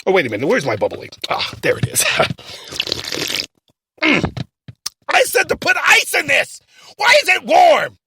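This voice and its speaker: A man's voice: fairly high pitch, wildly swooping pitch, normal speed, long pauses, bright, forceful tone, slight background noise, exaggerated voice. A man playing a stammering, ranting radio host. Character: blustering loudmouth male radio host. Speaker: radio talk show host. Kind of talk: comedy skit parodying talk radio.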